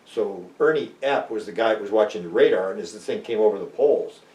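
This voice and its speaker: An older man from Canada, a guest in an interview, telling stories casually and acting out the people in them with lively jumps in his voice. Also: quick pace. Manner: animated, acts out quoted people with big pitch jumps. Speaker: interview guest, UFO researcher. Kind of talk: casual storytelling. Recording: roomy, distant mic.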